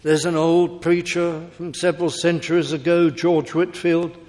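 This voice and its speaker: A man preaching a sermon slowly and emphatically, his voice climbing on appeals and questions. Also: on the high side, little pitch movement, darkish tone. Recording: long hall reverb.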